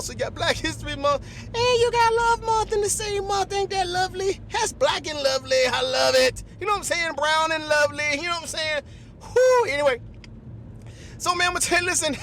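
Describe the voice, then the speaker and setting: A man hosting a podcast, telling comic stories in an animated, repetitive way. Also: very high voice, a little hiss or hum. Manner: animated, repetitive, lots of "listen" and "you know what I'm saying". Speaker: podcast host. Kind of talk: comedic storytelling monologue.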